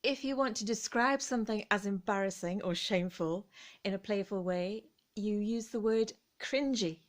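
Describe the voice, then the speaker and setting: A woman with an English accent teaching an English word in a slow, deliberate lesson, savoring each word and acting out examples. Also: mid-range voice. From England. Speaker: English teacher and vocal coach.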